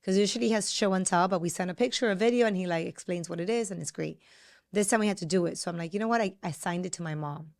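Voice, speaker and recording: A woman's voice: on the low side, fast, creaky. A woman in her thirties co-hosting a casual podcast, chatting and acting out family quotes. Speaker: podcast co-host. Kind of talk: casual chat.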